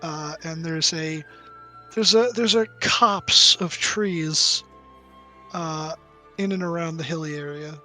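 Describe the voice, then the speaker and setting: Slow, hesitant man running a tabletop game. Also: a little high, fairly even intonation, bright, forceful tone, soft background music. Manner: hesitant, lots of fillers and throat clearing. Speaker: game master.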